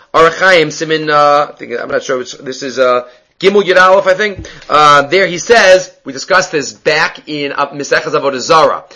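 A man's voice: fairly high pitch, bright, forceful tone, rough recording. A man teaching a Mishnah class, explaining each phrase step by step and mixing Hebrew terms into his English, often thinking aloud as he goes. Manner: thinks aloud with frequent fillers and restarts. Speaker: Torah teacher.

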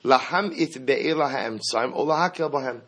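Man, husky voice, mid-pitched, reads a text aloud then explains it slowly, restarts sentences as he thinks. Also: fairly bright tone. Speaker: Torah teacher. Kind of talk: early-morning text class.

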